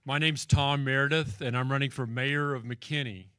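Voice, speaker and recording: A man's voice: medium pitch, steady tone, moderate pace, bright, forceful tone, clear, resonant tone, no room sound. A man candidate for mayor greets a crowd with enthusiasm before introducing himself. His voice sits in a middle range. The sound is close and dry. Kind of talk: campaign introduction to a live audience.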